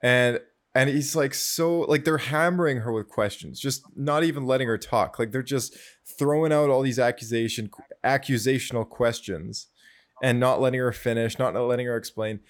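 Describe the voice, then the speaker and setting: A man's voice: mid-range voice, normal speed. Man chatting casually, lots of "like". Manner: chatty, frequent "like" and repeats. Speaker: podcast co-host. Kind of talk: casual fan discussion.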